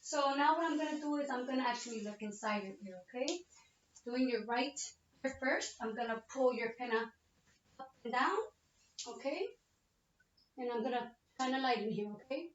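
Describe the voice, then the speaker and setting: A woman's voice: a little high, normal speed. A woman, a nursing student, talks a patient through a physical exam, explaining each step and checking in with "okay?" again and again. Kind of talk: narrated physical exam demonstration. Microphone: laptop webcam. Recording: roomy, distant, muffled webcam audio.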